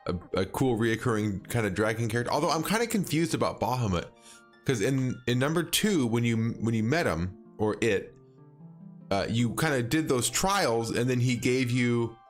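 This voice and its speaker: A man chatting casually with viewers while streaming a game, rambling and hesitant, full of fillers and restarts and frequent chuckles. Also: mid-range voice. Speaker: livestreaming game player. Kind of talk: casual gameplay chat with viewers.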